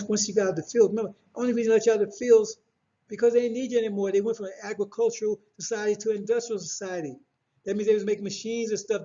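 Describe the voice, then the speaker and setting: High-voiced preacher man, dull recording. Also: warm tone. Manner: preachy, repetitive, confrontational, rhetorical questions. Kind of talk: sermon.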